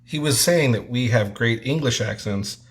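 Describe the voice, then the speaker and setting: A middle-aged man, an artist co-hosting a live stream, speaks at a moderate pace in a medium-pitched voice. His casual banter is dry and self-deprecating as he teases and jokes about himself.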